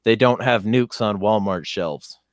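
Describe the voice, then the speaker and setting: A man's voice: on the low side, a little slow, no room sound, clean studio sound. A man hosting a casual podcast discussion, arguing bluntly with his guests. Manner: argumentative, blunt. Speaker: podcast host.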